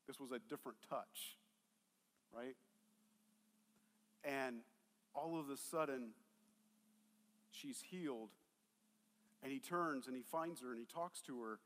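A man's voice: medium pitch, measured pace, pauses often, fairly bright tone, in a large hall. A man preaching a sermon as a pastor, talking casually and acting out the voices of the people in the story.

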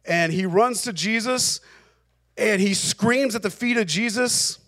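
High-voiced male pastor preaching emphatically. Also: measured pace, fairly bright tone. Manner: emphatic, repeats phrases for emphasis. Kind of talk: sermon.

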